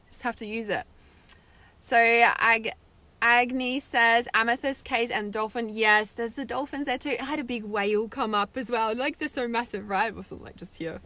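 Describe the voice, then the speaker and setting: A woman's voice: a little high, a bit bright. A woman hosting a live meditation stream, bubbly and laughing often as she reads viewer comments aloud in a casual chat.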